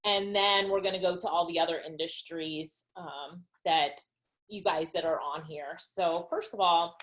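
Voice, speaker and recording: A woman's voice: on the low side, fairly even intonation, unhurried. Upbeat woman presenting a webinar. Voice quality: upbeat and enthusiastic, laughs between points. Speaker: online business trainer.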